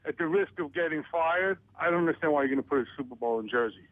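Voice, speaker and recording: A man's voice: fairly high pitch, quick pace, narrow, tinny audio. A man on a radio talk show who stammers through restarts and rants about his complaints. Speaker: author guest.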